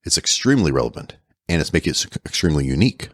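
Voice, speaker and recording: A man's voice: very deep voice, very animated, rapid-fire, no room sound, studio quality. A man co-hosting a casual podcast, explaining with playful jokes and sound effects. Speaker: podcast co-host.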